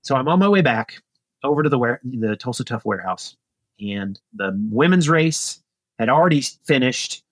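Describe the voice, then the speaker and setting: Animated storytelling man, dry sound. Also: mid-range voice, normal speed, no echo. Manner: animated, acts out dialogue in a raised voice. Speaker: podcast guest, retired pro cyclist. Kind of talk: casual storytelling.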